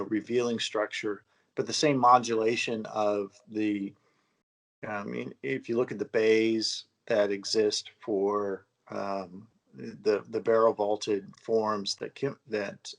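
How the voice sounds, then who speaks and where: A man in a casual conversation about architecture, thoughtful and halting, pausing often on fillers as he works out his points. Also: on the low side, vocal fry, fairly bright tone, low-quality recording.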